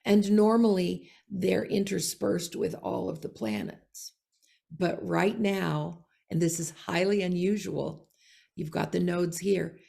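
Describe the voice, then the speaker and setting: A woman astrologer explaining in casual conversation, with a gravelly voice and frequent "you know" and "okay?". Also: fairly low pitch, dark tone.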